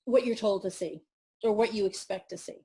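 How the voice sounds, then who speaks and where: A woman speaking as a guest mindset coach in an interview, talking in an animated, emphatic way and acting out examples as she explains. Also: mid-range voice, a little fast. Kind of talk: interview conversation.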